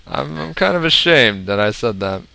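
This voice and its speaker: Young man rambling over gameplay, lively pitch. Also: normal speed, creaky, no room sound. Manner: rambling, jokey, swings to sudden loud outbursts. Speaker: gaming video host. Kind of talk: casual gameplay commentary.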